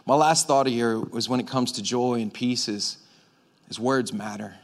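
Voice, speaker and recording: A man's voice: medium pitch, measured pace. A man preaching a conversational sermon as pastor, emphatic and full of repetitions. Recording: long hall reverb.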